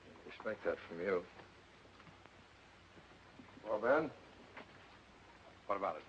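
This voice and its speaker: A man's voice: deep voice, slow, gravelly, full character voice. An actor playing an earnest, decisive young man who inherits a horse farm, in a 1940s film. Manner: earnest, decisive, plain-spoken. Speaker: horse owner. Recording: muffled old film soundtrack with faint hiss.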